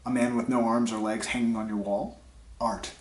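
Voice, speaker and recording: A man reading jokes aloud in a deadpan way, trailing off quietly after each punchline, while sick with a dry cough. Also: medium pitch, moderate pace, a little hiss or hum. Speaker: comedy vlogger. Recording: echoey room.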